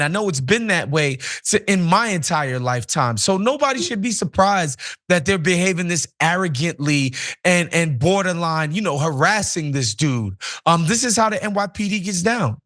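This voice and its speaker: A man's voice: high-pitched, expressive, moderate pace, fairly bright tone. A man co-hosting a casual news commentary, blunt and exasperated, talking in slang. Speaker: co-host.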